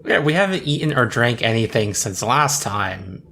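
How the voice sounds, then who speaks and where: A man's voice: mid-range voice, sing-song, normal speed, bright, forceful tone. A man playing a tabletop role-play game, easygoing and matter-of-fact. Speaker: player.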